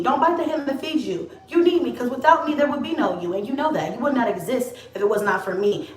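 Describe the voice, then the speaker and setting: A woman with a fairly high voice rants bluntly to the camera as a vlogger, profane and confrontational in a casual way. She's set back from the mic in an echoey room.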